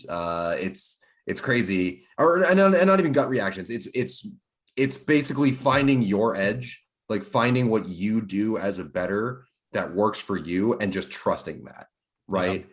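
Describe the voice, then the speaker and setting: A man co-hosting a sports betting podcast, chatting loosely with lots of "like" and "you know". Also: lowish voice. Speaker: podcast co-host. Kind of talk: casual sports betting chat.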